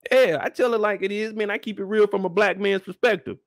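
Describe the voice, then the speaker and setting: Brief: outspoken male reviewer, high tenor, dry close sound, blunt and profane, animated rant. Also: fast, gravelly, no echo. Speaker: show reviewer. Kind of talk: ranting show commentary.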